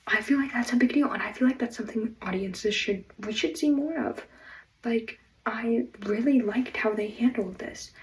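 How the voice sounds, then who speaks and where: A woman delivering an excited, rambling fan rant, full of fillers, on a personal mic. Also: mid-range voice, recorded from a distance, slight background noise, poor audio. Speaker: fan vlogger.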